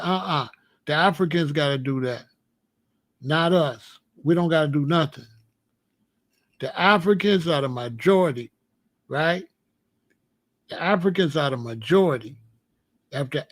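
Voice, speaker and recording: Emphatic, profane male commentary host. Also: on the high side. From United States. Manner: emphatic, profane, animated storytelling. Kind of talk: casual monologue.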